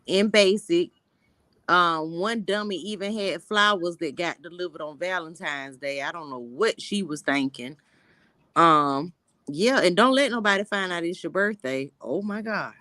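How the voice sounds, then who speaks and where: A woman's voice: on the low side, measured pace, fairly bright tone, no echo, studio quality. A woman from Florida chatting casually on a live stream, blunt and joking in a laid-back way.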